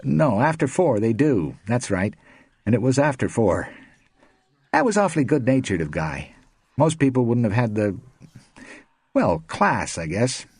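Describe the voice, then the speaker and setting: A man's voice: mid-range voice, very animated, unhurried, pauses often, a little mellow, breathy edge, no echo, voice pushed up, exaggerated voice. A man voicing a bitter, sardonic blind actor in an audiobook, mocking and rueful. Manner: sarcastic, mocking.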